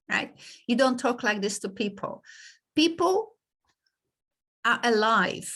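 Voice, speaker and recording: A woman teaching a class over a video call, explaining in a lively, conversational way with frequent laughs. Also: on the high side, slow, long pauses. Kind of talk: online lecture.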